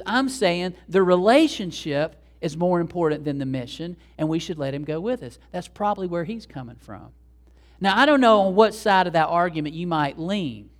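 A man preaching a sermon as pastor, animated and acting out the dialogue he quotes. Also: high-pitched, normal speed.

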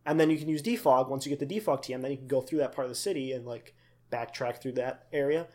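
A man's voice: medium pitch, quick pace, darkish tone. A young man co-hosting a casual podcast, rambling with lots of fillers and asides. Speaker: podcast co-host. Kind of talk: casual chat.

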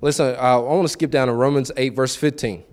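A man with a mid-range, darkish voice speaks a little fast with fairly even intonation as he preaches a conversational sermon. He tells stories, acts out his own and others' dialogue, and often repeats key phrases for emphasis.

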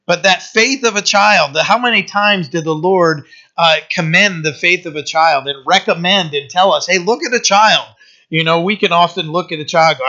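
A man, the pastor, giving a conversational sermon with lively asides and frequent restarts. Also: fairly high pitch, normal speed, dull audio. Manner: casual, animated, many restarts and asides.

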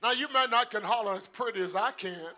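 A man's voice: high voice, fairly quick, pushed and bright, faint music behind. An older male pastor preaching in an old-school hollering style, calling on the congregation to answer back. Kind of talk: sermon.

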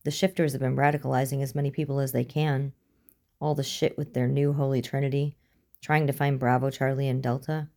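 A woman's voice: extremely low pitch, level tone, a little fast, warm tone. A woman voicing a tough, blunt female squad commander who speaks in curt orders.

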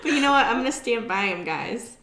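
A woman's voice: on the high side, a little fast, crowd noise. Giggly woman recapping in an echoey room. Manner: relaxed, giggly, lots of fillers. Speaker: podcast co-host. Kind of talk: casual recap chat.

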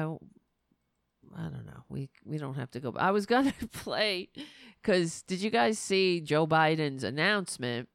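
A woman hosting a political talk show, tired and sleepy, sliding into sarcastic, animated rants. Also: lowish voice, vocal fry, no echo, clean studio sound. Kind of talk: casual political commentary.

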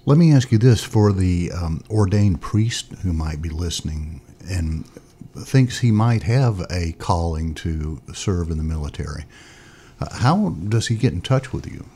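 Male radio host, very deep and husky, conversational questions. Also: animated, unhurried, dark tone. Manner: conversational, asks questions, makes appeals. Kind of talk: radio interview.

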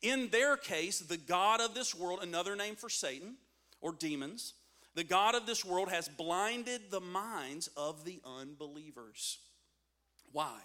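A man's voice: high-pitched, animated, measured pace, pushed and bright. A man preaching a sermon as a pastor, reading scripture and building in intensity with call-and-response.

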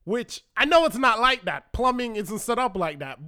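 A man hosting a podcast, telling a personal story in an animated, self-mocking way with dramatic pauses. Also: extremely high pitch, clear, resonant tone. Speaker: podcast host. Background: faint background music.

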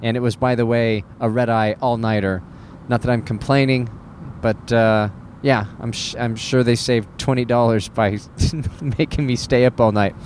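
A man who works as a cruise ship entertainer tells a comic story in a sarcastic rant, breaking into high, incredulous squeaks. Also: steady tone, normal speed, darkish tone, a little hiss or hum.

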